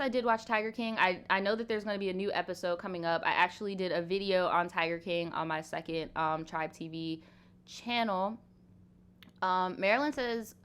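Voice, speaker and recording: A woman's voice: mid-range voice, a bit bright, clear, resonant tone. A young woman in her twenties hosting a casual live Q&A stream, talking frankly with lots of fillers and swearing. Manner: chatty, frank, swears casually, many "like"s and laughs. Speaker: livestream host.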